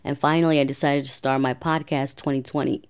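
Low-voiced woman telling her story. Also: fairly even intonation, a little fast, clear, resonant tone. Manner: rambling, self-correcting, chatty. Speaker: podcast host. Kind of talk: casual personal storytelling.

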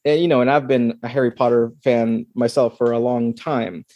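A man talks about his film over a video call in a casual, rambling way. He restarts often and leans on fillers. His tone is warm and dark, recorded dry and close. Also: mid-range voice, flat delivery, moderate pace, no echo, highs cut off. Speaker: filmmaker being interviewed. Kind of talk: casual interview answers.

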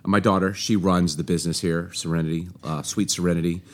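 A man's voice: sits low, fairly even intonation, fairly quick. A middle-aged man co-hosting a podcast in casual chat, jokey and teasing, with frequent ums. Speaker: podcast co-host.

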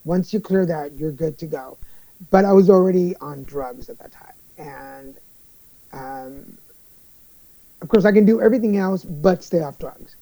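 A young man being interviewed, telling his story in a candid, animated way and acting out other people's lines. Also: on the high side, measured pace, dry recording, rough recording. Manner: animated storyteller, acts out quoted voices, many restarts. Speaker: guest.

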